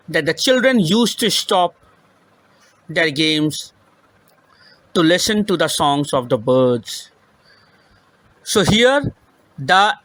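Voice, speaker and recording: A male teacher reading a children's story aloud with emphasis, pausing to repeat and explain each line in simple words. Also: sits high, fairly bright tone, no room sound, rough recording.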